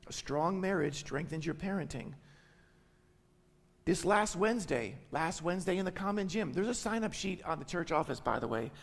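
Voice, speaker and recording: Emphatic high-voiced male pastor preaching. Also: expressive, moderate pace, creaky, in a large hall. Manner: emphatic, repeats key phrases, tags lines with "right?". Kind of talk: sermon. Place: church sanctuary.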